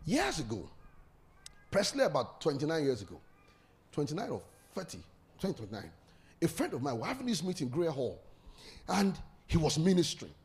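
A man's voice: a little high, wildly swooping pitch, fairly quick, long pauses, a little mellow. A man preaching a sermon, leading call-and-response and laughing often.

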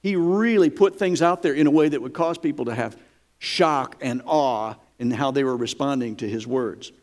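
A man's voice: medium pitch, normal speed, darkish tone. A man preaching a sermon in an emphatic, folksy way, with dramatic quoted lines.

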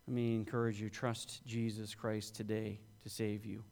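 A man's voice: lowish voice, flat delivery, normal speed, darkish tone. A male pastor preaching a sermon, rising in emphasis on quoted scripture. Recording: long hall reverb.

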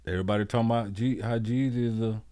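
A man's voice: on the low side, steady tone, warm tone. A man co-hosting a podcast who talks bluntly, swears a lot and restarts his sentences often. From United States. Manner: blunt, profane, halting restarts. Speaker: podcast co-host. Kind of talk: casual chat.

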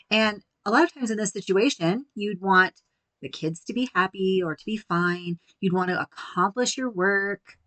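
A woman's voice: mid-range voice, a bit bright, no room sound, low-quality recording. A woman hosting a faith-based coaching podcast, encouraging and walking the listener through examples. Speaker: podcast host.

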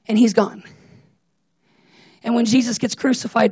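Casual young-church male preacher, animated storyteller, raspy tone, high-pitched. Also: measured pace, long pauses, no room sound. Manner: animated, jokey, acts out Bible characters. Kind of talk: casual sermon.

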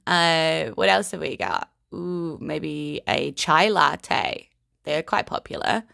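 A woman giving a casual vocabulary lesson in a playful, giggly, unhurried way. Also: deep voice, creaky, sharp tone, no echo, studio quality. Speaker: language teacher.

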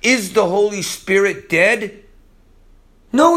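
A man preaching a sermon in a casual, slangy way, swinging from loud emphasis to hushed asides. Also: very high voice, lively intonation, measured pace.

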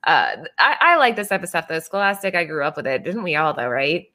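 A woman's voice: on the low side, sing-song, fairly quick, bright, forceful tone. A woman hosting a casual comic book podcast, upbeat and moving the show along. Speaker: podcast host. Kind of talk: casual chat about comic books.

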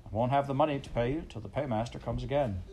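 A man voicing a pioneer father who speaks quietly, coolly and steadily in a storybook reading. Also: mid-range voice, fast talker, slight background noise, pitched above the performer's own voice, natural voice. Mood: calm firm. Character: pioneer father, calm and firm.

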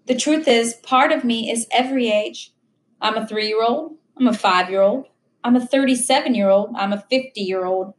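Brief: woman reading as a gentle, wise old man in his late seventies, patient teacher, raised pitch, roomy echo. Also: moderate pace, slight background noise, lightly acted. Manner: earnest, patient, softly teaching.

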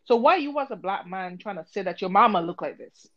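A woman's voice: medium pitch, lively intonation, brisk, fairly bright tone, lo-fi sound. A woman co-hosting a casual podcast chat, blunt and heated, swearing freely as she tells a story with lots of energy. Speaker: podcast co-host.

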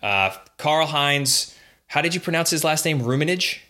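Bright, forceful male podcast co-host. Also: a little high, lively intonation, normal speed. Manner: chatty, reads facts aloud with fillers. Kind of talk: casual podcast chat.

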